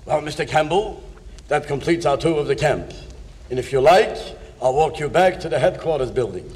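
A man's voice: on the high side, lively intonation, normal speed, darkish tone, in a large hall, lightly acted. A man playing a pompous male army general in a comedy sketch.

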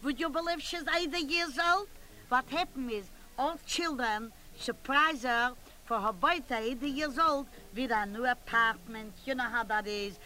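A woman's voice: sits high, moderate pace, sharp tone, rough recording. A woman playing a gossipy, bossy old chairwoman. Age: older. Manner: chatty, scolding, interrupts herself. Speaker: meeting chairwoman. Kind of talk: comic character monologue.

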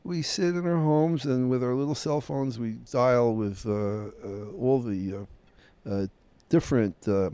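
An older man from the United States hosting a radio show, chatting casually and hesitantly with many fillers and soft chuckles. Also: medium pitch, unhurried, smooth, no room sound. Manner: hesitant and rambling, full of uh and um, chuckles to himself. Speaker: radio host introducing records. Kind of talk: casual chat.

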